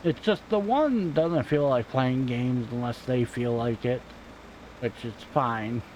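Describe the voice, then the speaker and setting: A man talking loosely and offhandedly into a home desk mic as he plays a game. His pitch is ordinary for a man, and his talk drifts from topic to topic with the odd swear word. A faint noise runs underneath. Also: takes it slowly, darkish tone, dull audio. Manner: rambling, offhand and self-deprecating, swears casually. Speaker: gaming channel host. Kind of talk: casual gameplay commentary. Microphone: desk microphone at home.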